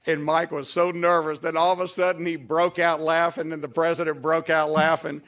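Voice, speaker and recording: Gravelly older man telling folksy stories. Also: a little high, little pitch movement, moderate pace, fairly bright tone. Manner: folksy storyteller, acts out quoted lines with a raised voice. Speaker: former staff member giving a tribute speech. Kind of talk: anecdotal speech at a dedication event. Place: event hall at a podium.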